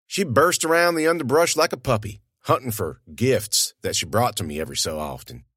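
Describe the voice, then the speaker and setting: A male narrator tells the story in a folksy, conversational way, like he's talking with a friend. His voice rises and falls with lively inflection. The recording is close and dry, with no room sound. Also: medium pitch, a little fast, slightly rough, dry recording. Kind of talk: audiobook narration.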